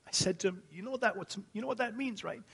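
A husky-voiced man preaches a sermon as a pastor, speaking fast and shifting between loud, emphatic statements and hushed, low lines.

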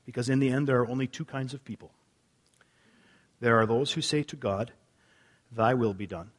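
At a moderate pace, the pastor preaches with a husky tone, building to loud, emphatic lines before dropping into hushed, low ones.

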